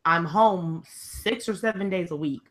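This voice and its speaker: A woman's voice: on the low side, unhurried, a bit bright. A woman in casual chat, candid and hesitant, with lots of "like" as she talks. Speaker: discussion guest.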